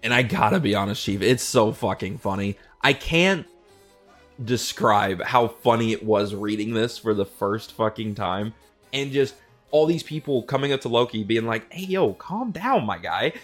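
A young man casually retelling myths as a comedy host, slangy and profane, popping into quick mimicry of the characters. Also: lowish voice, a bit bright, faint music behind. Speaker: podcast host.

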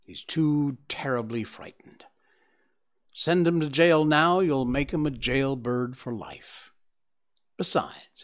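A man's voice: medium pitch, a bit bright. A man voicing a cool, dry-witted detective explaining his reasoning, in an audiobook.

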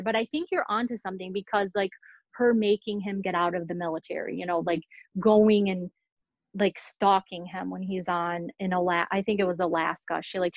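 A woman's voice: on the low side, dry recording. A woman hosting a true-crime podcast, chatting casually and rambling through the story with plenty of fillers and little laughs. Her voice comes through dull and lo-fi, close and dry with no room sound. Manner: chatty, many fillers and giggles. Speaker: podcast host.

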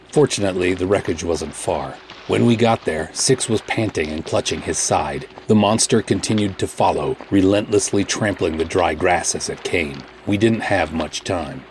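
A man reading a first-person pulp adventure audiobook in a measured, matter-of-fact way. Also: sits low, a little hiss or hum. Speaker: narrator.

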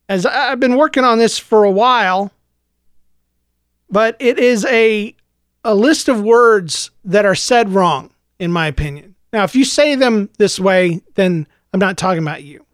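A middle-aged man hosting a solo podcast, mock-ranting tongue in cheek in a low-key, unhurried way. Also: clean tone, dry recording, studio quality. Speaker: podcast host.

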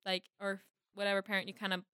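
A woman's voice: mid-range voice, monotone, fast talker, sharp tone, clear, resonant tone, dry recording, clean studio sound. A teenage girl, a guest on a podcast, talking earnestly and rambling with lots of likes. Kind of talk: casual podcast chat.

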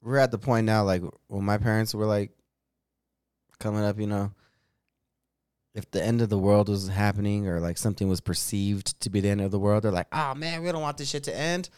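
A man in his thirties with a low voice chats on a podcast. He tells stories in an animated way, with lots of swearing and filler "likes". The sound is dry and close to the mic. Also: fairly quick, pauses often, smooth, dry recording. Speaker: podcast co-host. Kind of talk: casual chat.

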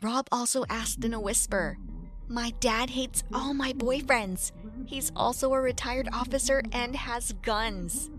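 A young woman narrating a first-person story in a lively, expressive way. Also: fairly high pitch, measured pace, music in the background.

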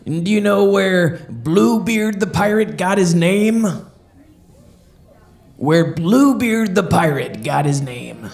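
A man playing a pirate comedian who tells family-friendly jokes and repeats each question before a slow punchline. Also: high-pitched, animated, creaky, a little mellow, heavily acted. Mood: cheerful. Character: jolly joke-telling male pirate comedian.

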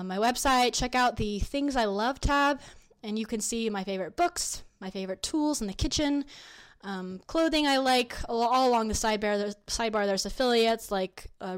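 Chatty woman podcast host with a smooth voice. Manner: chatty, rambling with fillers and restarts; upbeat sales pitch for her products. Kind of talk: casual solo podcast talk.

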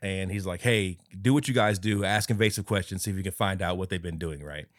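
A man's voice: low-pitched, fairly quick, a bit bright, no echo, studio quality. A man co-hosting a casual movie review podcast, swearing freely, laughing often and acting out quotes as he retells scenes. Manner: profane, laughing storyteller who acts out quotes. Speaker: podcast co-host.

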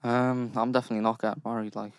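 A young man, a guest musician, chatting casually, laid-back and quick to laugh. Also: medium pitch, flat delivery, clean tone, dry recording, clean studio sound. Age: young adult. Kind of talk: casual chat.

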